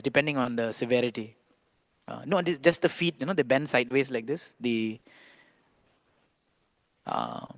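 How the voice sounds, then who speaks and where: Monk telling a story in class, kinda high voice, dry close sound, acts out the lines. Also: male voice, dry recording. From India. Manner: animated storyteller, acts out quoted dialogue, slows for emphasis. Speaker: monk giving a scripture class. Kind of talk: storytelling scripture lecture. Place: temple hall.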